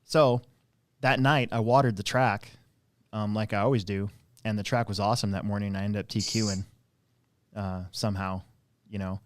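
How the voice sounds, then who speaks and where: A man's voice: lowish voice, fairly even intonation, normal speed, long pauses, dry recording. A man hosting a casual live stream, telling long rambling stories about racing with plenty of fillers and restarts. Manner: rambling anecdotal storyteller, many fillers. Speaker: host and RC track operator.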